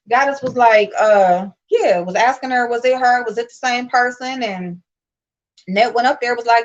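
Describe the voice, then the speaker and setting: Woman livestream host, higher-pitched, blunt and profane, lively storyteller; dull lo-fi stream audio. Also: moderate pace. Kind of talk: casual livestream commentary.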